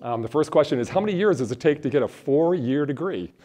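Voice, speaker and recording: A man's voice: a little high, animated, fast talker, dark tone. A man giving a live workshop on college costs into a mic in a room with an audience. He talks casually, rambles a bit and jokes with the crowd. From Phoenix, Arizona. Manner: jokey, rambling, chats with the audience. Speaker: college financial aid presenter. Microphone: handheld or stand mic.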